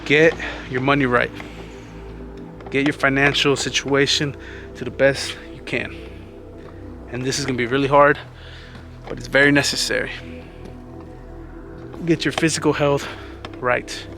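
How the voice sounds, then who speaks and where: A man's voice: mid-range voice, fairly even intonation, a little slow, long pauses, over music. A man giving earnest, casual motivational advice in a vlog, a little out of breath, talking like a friend and calling the listener "man". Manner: earnest, conversational, says "man" often. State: slightly out of breath. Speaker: vlogger.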